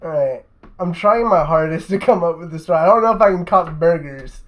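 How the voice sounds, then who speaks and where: A man's voice: a little high, expressive, brisk, poor audio. A young man, a podcast host, telling a rambling, profane story in casual chat and tacking "right?" onto his sentences.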